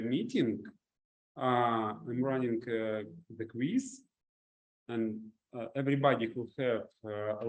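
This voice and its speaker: A man explaining his role as quiz master at a speaking club, hesitant and halting. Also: medium pitch, darkish tone, rough recording. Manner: hesitant, with many fillers and restarts. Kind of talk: unscripted club meeting remarks.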